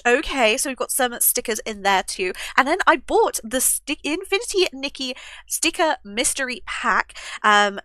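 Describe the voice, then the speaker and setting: Gushing female unboxing vlogger, high, lively voice, dry close sound. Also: no echo. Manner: gushing and excitable, with squeals and giggles. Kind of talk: casual merch unboxing chat.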